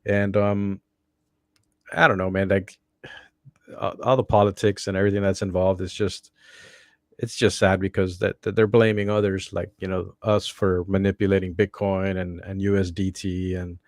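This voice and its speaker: A man's voice: deep voice, flat delivery, normal speed, dry recording, studio quality. A man co-hosting a casual podcast, talking in a laid-back way with fillers. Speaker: podcast co-host. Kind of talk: casual chat.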